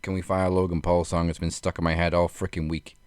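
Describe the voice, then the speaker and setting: A man hosting a podcast, steering the chat in a low-key way. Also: level tone, fairly quick, darkish tone, clean tone, no room sound. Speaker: podcast host. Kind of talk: casual chat.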